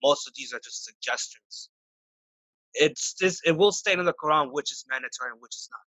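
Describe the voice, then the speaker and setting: Guy answering interview questions, bright voice kinda high, stops and restarts a lot, dry close sound. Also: no room sound, poor audio. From United States. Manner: halting, many restarts and fillers. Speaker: interview guest.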